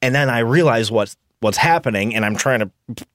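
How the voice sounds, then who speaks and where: A man co-hosting a podcast, telling a story against himself in a self-mocking, deadpan way. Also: mid-range voice, brisk, dry recording, studio quality. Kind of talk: casual storytelling.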